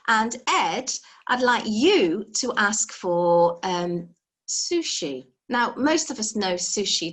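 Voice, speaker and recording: A woman's voice: lowish voice, fairly bright tone. A woman teaching a live beginner language lesson over a video call, patient and encouraging, explaining step by step.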